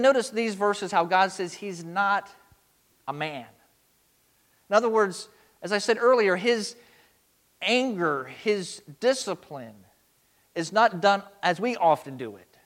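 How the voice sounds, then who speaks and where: A man preaching a sermon, earnest and emphatic, slowing down to stress key words. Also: a little high. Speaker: pastor.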